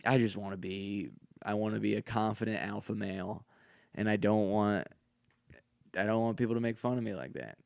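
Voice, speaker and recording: A man's voice: lowish voice, normal speed, gravelly, darkish tone, smooth, no echo, clean studio sound. A young man hosting his own podcast, talking through his thoughts in a rambling, self-reflective monologue full of stammered restarts. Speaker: podcast host, comedian. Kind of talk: confessional solo podcast monologue.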